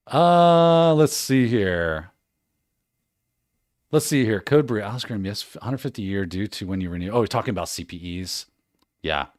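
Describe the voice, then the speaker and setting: A man's voice: on the low side, no room sound, clean studio sound. A man hosting a livestream in casual chat, reading out viewer comments, joking and laughing often. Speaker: livestream host.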